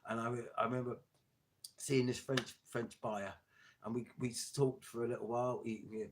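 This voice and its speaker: A man, a glass maker, delivering an angry, sweary political rant to his viewers with halting restarts. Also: mid-range voice, flat delivery, noisy background. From England.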